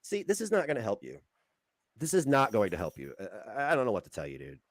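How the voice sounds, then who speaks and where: A man's voice: lowish voice, wildly swooping pitch, fast talker, dry recording, clean studio sound. A man co-hosting a livestream, ranting heatedly and swearing as he lectures someone. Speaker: livestream co-host. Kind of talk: casual livestream chat.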